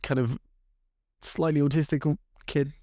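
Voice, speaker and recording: A man, co-hosting a podcast and telling a childhood story in an animated, chatty way. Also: a little slow, no room sound, studio quality. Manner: animated, acts out voices with big pitch jumps. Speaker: podcast co-host. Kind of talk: casual storytelling chat.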